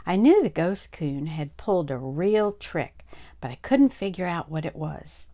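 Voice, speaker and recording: Older woman reading a chapter book aloud, low voice, unhurried storytime delivery. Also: a little mellow. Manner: slow, deliberate reading.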